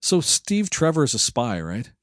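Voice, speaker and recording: A man's voice: medium pitch, sing-song, moderate pace, fairly bright tone, no room sound. Sarcastic, rambling man reviewing a movie. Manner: rambling, sarcastic, swears freely. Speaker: podcast co-host. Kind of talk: casual movie review chat.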